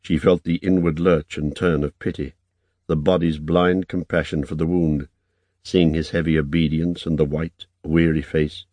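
A man narrating an audiobook in a measured, even reading. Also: rumbling low, dry recording.

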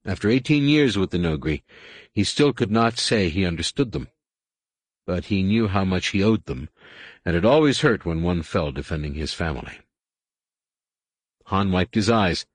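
Husky male audiobook narrator, low voice. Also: dry recording. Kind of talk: scripted narration.

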